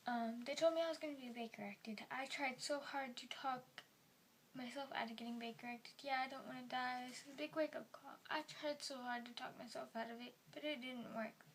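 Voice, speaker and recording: Soft-spoken woman with a higher voice. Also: steady tone, brisk, a little hiss or hum. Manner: soft-spoken, rambling, drops into whispers. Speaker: vlogger. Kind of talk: personal confessional vlog.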